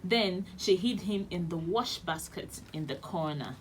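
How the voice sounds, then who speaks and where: Slow Nigerian woman reading a fairy tale. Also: lowish voice, slight background noise. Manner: slow, expressive storytelling. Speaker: children's radio host. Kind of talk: storybook reading aloud. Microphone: studio radio mic.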